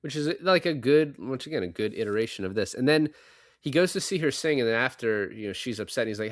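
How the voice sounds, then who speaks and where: A man's voice: mid-range voice, no room sound. A man with a mid-range voice co-hosts a film podcast, walking through scenes casually and acting out bits of dialogue. The recording is dry and close-miked. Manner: relaxed, retells scenes with quick laughs. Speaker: podcast co-host.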